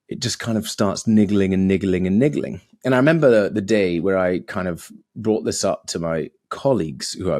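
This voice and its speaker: Lively low-voiced man. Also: no echo, studio quality. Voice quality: animated, with many fillers and restarts. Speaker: podcast guest. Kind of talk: casual storytelling.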